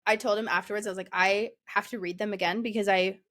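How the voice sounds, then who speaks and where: A woman's voice: steady tone, quick pace, fairly bright tone. Brief: young female podcast co-host, casual chatty storyteller, laughs a lot. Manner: chatty, laughs often, acts out quotes in a high voice. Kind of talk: casual chat.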